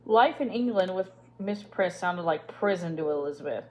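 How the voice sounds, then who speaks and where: A woman's voice: lowish voice, expressive, normal speed. A woman reading a children's story aloud, with small slips and restarts as she goes. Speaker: audiobook reader.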